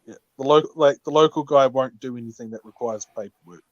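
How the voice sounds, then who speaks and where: A man's voice: medium pitch, a little fast, dry recording. Male caller, blunt and sweary, dull dry call audio. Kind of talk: casual chat. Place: small rural community.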